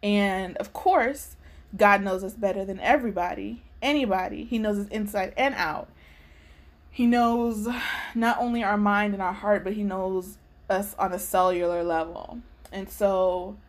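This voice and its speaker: A working adult woman hosts a faith podcast, talking casually and reflectively about her needs and acting out her prayers aloud as she goes. Her medium-pitched voice is steady and unhurried.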